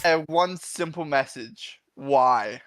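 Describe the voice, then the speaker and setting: A man's voice: fairly high pitch, expressive, unhurried, a bit bright, no room sound. A man playing a tabletop game, talking casually with hesitant, stop-start phrasing. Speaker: player.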